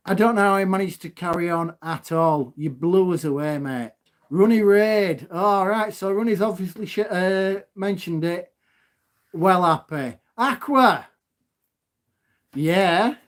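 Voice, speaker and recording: Laughing as he talks, a loud, gobby man chats casually on a live stream from his phone at home. His voice is fairly high for a man, and he doesn't rush his words.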